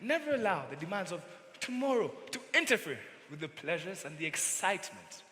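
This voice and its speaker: A young man playing a slick, booming con man. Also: sing-song, brisk, pushed and bright, full character voice. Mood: triumphant. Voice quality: theatrical, persuasive, booming flourishes. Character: smooth-talking charming male con man salesman. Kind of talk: school stage musical acting. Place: school stage in a large hall. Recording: echoey hall, voice from far off.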